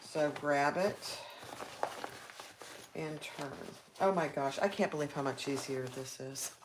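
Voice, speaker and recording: Woman host for a live sewing demo, deep voice, slow chatty delivery, talks viewers through each step. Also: noisy background. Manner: chatty, reacts aloud while working, reads viewer comments.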